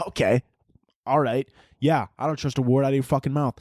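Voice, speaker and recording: A man's voice: mid-range voice, fairly even intonation, moderate pace, darkish tone, no echo, clean studio sound. A young man hosting his own podcast, ranting casually with lots of swearing and laughing at his own jokes. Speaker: podcast host. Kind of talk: casual solo rant.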